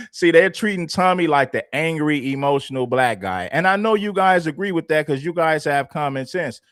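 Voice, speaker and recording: A man hosting a casual livestream, speaking a bit high with a mocking, laughing tone. He repeats his points to his viewers, and the sound is dry and close. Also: animated, normal speed, fairly bright tone, no room sound. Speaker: livestream commentary host. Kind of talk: casual reaction commentary.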